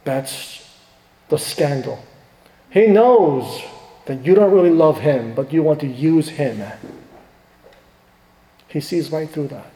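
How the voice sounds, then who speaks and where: A middle-aged man, a pastor, preaching a sermon with emphatic swings between hushed and rising delivery. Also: on the high side, slow, pauses often. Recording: echoey hall with long reverb.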